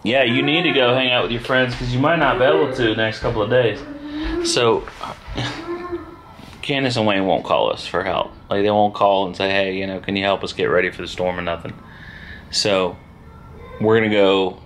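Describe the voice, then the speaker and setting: A man, chatting casually at home as a family vlogger, relaxed and rambling. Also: fairly low pitch, slight background noise. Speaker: vlogger and father. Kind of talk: casual chat.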